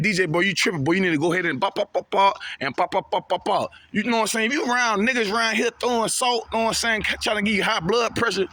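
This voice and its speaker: A man's voice: high voice, sharp tone, no echo. A young man, talking straight to camera about prison life in heavy street slang, repeating himself as he preaches. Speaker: vlogger giving prison testimony. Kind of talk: street talk monologue to camera.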